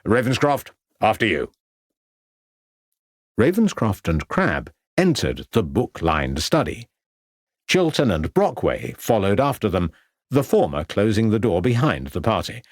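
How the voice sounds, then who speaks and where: A male audiobook narrator telling a crime story in a measured way. His voice is lowish, with lively, expressive pitch movement. The studio sound is dry and close. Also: no echo. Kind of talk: scripted narration.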